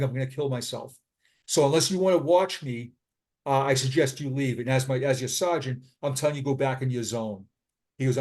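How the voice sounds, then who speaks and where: A retired police sergeant in middle age recounts personal experiences in an interview, joining the podcast by remote call. Earnest and halting, he repeats himself frequently, his medium-pitched voice carrying a darkish tone.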